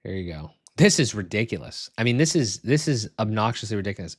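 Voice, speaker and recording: A young man with a lowish voice streams himself setting up software, muttering and cursing as things go wrong. He talks half to himself and half to his viewers. The sound is dry and close, with no room around it. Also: sing-song, quick pace, slightly rough, no echo. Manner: frustrated muttering, frequent swearing.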